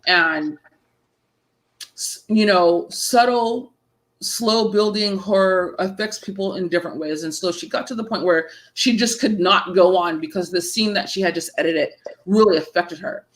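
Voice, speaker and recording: On a low-quality recording, a woman in her thirties with a lowish voice talks at a measured pace. A horror author being interviewed, she tells stories casually and brings the people she quotes to life by acting them out.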